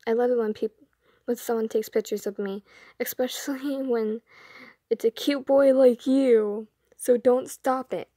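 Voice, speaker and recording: A woman's voice: fairly high pitch, steady tone, moderate pace, mellow, no echo, studio quality, natural voice. A woman voicing a friendly young male pop idol. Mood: reassuring.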